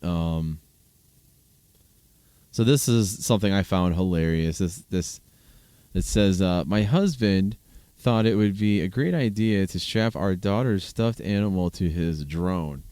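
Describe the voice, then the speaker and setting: Low-pitched and dark in tone, this podcast host keeps a measured pace with no echo on the recording. He's a man in his thirties riffing alone on videos, amused and rambling, frequently starting over mid-thought.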